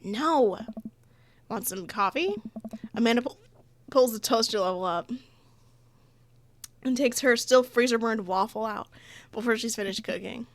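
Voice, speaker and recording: A woman's voice: on the high side, moderate pace, pauses often, dry recording. A young woman playing a dating game, chatting casually, reading the story aloud and laughing often. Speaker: let's play gamer.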